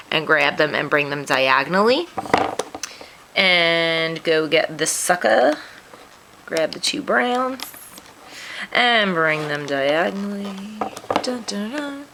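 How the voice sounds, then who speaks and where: A woman's voice: sits low, lively intonation, unhurried, bright, forceful tone, a little hiss or hum, low-quality recording. A woman hosting a craft tutorial, walking through each step in a chatty, self-deprecating way while sniffling. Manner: chatty, self-deprecating, talks through her hands-on work.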